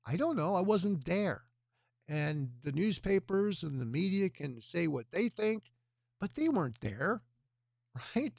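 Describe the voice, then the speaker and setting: Male livestream host, earnest rambling appeal, gravelly, dry and close. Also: high-pitched, very animated, a little slow, a little mellow, no room sound. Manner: rambling, earnest, talks with his hands.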